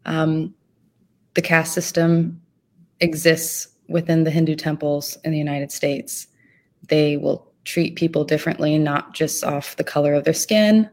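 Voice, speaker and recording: A woman speaking as a guest in a measured, matter-of-fact way. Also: low-pitched, darkish tone. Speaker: running mate and guest. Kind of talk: casual political talk.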